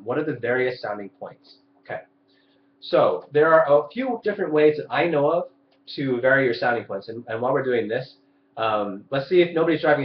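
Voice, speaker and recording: A man's voice: mid-range voice, a little hiss or hum. A young man teaching a live violin lesson over his webcam mic. He explains, demonstrates and asks his viewers questions. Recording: roomy, dull webcam audio.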